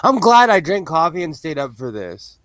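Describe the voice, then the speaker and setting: Lively-pitched American man joking around. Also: normal speed. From United States. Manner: animated, playful, puts on a low sexy voice. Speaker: panelist. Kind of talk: casual group chat.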